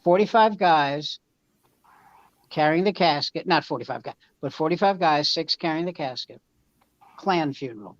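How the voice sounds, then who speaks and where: A man, a comedian guest, telling family stories in an animated way and jumping up loudly when he imitates people. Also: fairly high pitch, moderate pace, no room sound. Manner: animated, loud jumps when acting out quotes. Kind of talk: storytelling comedy chat. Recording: dull lo-fi dry sound.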